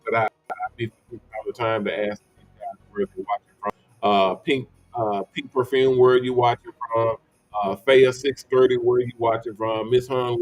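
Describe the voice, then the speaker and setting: Husky-voiced man hosting a rambling livestream. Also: lowish voice, darkish tone, dry recording, poor audio. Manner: rambling, repeating words, greeting viewers by name. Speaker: livestream host. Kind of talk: casual livestream chat.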